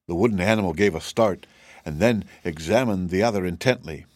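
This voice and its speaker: Storybook narrator: man, lowish voice, dry close sound, steady. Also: brisk, no echo. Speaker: audiobook reader. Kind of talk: scripted narration.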